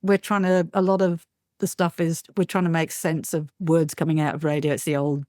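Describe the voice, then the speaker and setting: A woman paranormal investigator, telling lively anecdotes as a guest, acting out quotes and laughing often. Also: low voice, brisk, no room sound, clean studio sound. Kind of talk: animated storytelling in an interview.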